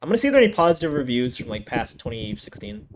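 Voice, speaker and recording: Young male anime reviewer, fairly high and very animated voice, swearing and ranting, noisy home recording. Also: rapid-fire. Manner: exasperated, profane rant with frequent restarts. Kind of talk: casual ranking commentary.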